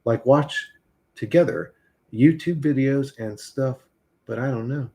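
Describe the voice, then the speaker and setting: Man, gravelly, rough creak, casual live-stream talk, rambling, swearing, replying to chat. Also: mid-range voice, a little slow, dark tone. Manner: rambling, profane, answers chat messages.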